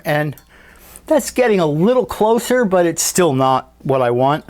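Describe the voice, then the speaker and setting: A man talking casually about his scale model at a home workbench, unhurried and thinking aloud with fillers and restarts. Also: a little high, a little mellow. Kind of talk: casual hobby workshop walkthrough.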